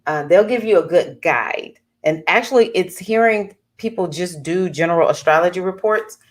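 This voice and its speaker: A woman astrologer talking casually to her viewers in an animated, chatty way, with bursts of excitement. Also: lowish voice, moderate pace. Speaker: astrologer giving readings. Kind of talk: casual talking-head vlog.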